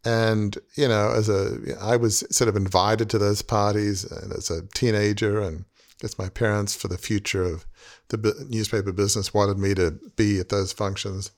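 A man's voice: on the low side, flat delivery, normal speed. A man in his sixties hosting a podcast, talking in an earnest, rambling way with many "you knows". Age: 60s. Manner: earnest, rambling, heavy use of "you know". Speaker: podcast host. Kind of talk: reflective podcast conversation.

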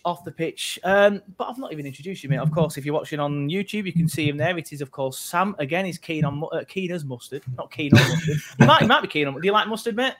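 A man hosts a football podcast in a relaxed, jokey way. He rambles and restarts, and his voice sits slightly high. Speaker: podcast host. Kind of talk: casual football podcast chat.

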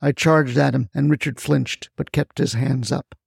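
A man narrating a first-person crime story in a terse, deadpan way. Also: medium pitch, moderate pace, vocal fry, breathy edge, dry recording, clean studio sound.

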